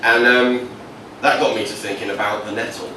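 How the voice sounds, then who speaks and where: Rambling stand-up comedian. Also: male voice, fairly low pitch, little pitch movement, moderate pace, distant mic. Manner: rambling, absurd, storytelling. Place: comedy venue. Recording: echoey venue from afar, noisy.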